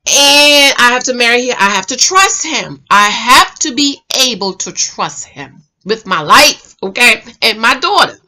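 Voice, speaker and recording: A middle-aged woman talks through a dating show from home. Her voice sits a bit high and rings bright. She speaks in an emphatic, chatty way and keeps calling her viewers girl and ladies. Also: expressive, unhurried, hardly any pauses. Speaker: reality show reviewer and dating mentor. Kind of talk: animated casual commentary.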